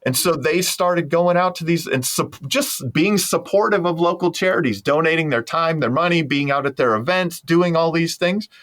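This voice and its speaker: A man's voice: on the high side, moderate pace, hardly any pauses, a bit bright. A man hosting a podcast, talking in a rambling, enthusiastic way full of restarts. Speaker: podcast host. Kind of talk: casual interview chat.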